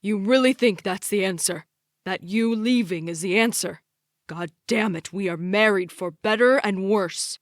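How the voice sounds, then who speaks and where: A woman's voice: mid-range voice, normal speed, darkish tone, no echo, clean studio sound, close to an everyday voice. A woman reading the lines of a bitter middle-aged father who talks in a harsh, accusing way in an audiobook. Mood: yelling. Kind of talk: audiobook character voice.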